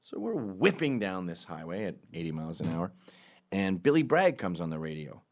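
A man from Canada telling stand-up stories in a wry, profane, animated way. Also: low voice, moderate pace. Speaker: stand-up comedian. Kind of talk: stand-up storytelling.

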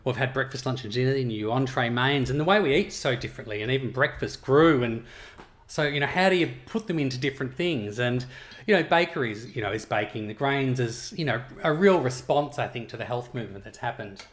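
A middle-aged Australian man, a chef talking casually about his cookbook in a relaxed, rambling way with frequent chuckles. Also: mid-range voice, brisk. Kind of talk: casual interview chat.

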